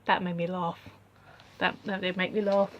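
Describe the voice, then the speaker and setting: A woman's voice: on the low side, little pitch movement, moderate pace, muffled recording. A young woman casually recapping a film as a reviewer, rambling with many asides.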